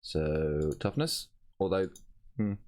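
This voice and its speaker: Deep-voiced man running a tabletop game. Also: slow pace. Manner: relaxed, rambling, self-correcting. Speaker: game master.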